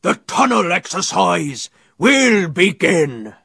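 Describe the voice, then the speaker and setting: A man's voice: sits high, very animated, slow pace, creaky, sharp tone, breathy edge, no room sound, studio quality, exaggerated voice. A man voicing a menacing pirate captain who roars out commands in a storybook reading. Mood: commanding. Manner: roaring commands.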